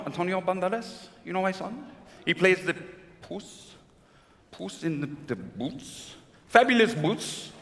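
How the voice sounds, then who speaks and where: A man playing a suave aging Latin film star with a put-on Spanish accent, gushing flattery at a convention crowd. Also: high voice, full character voice. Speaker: convention guest performer. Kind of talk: live comedy impression on stage. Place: large convention hall. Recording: echoey hall with crowd.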